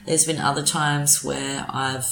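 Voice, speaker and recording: A woman's voice: deep voice, a little slow, gravelly. An Australian woman who presents community radio, chatting casually as an interview guest with many restarts and fillers. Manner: relaxed, talks in restarts and fillers. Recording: echoey room, faint noise.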